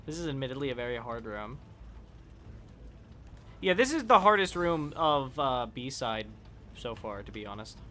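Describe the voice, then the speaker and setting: A man's voice: medium pitch, very animated, normal speed, pauses often, sharp tone, slight background noise. A man chatting casually with viewers while playing a game on a live stream, rambling and swearing when he fails.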